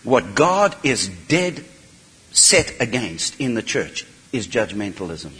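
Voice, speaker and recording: A man preaches a sermon with a bright, forceful voice. His pitch swings widely as he moves between hushed passages and ringing shouts. The sound carries the long reverb of a large hall. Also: big pitch swings, slow pace. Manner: impassioned, swings from quiet to shouting.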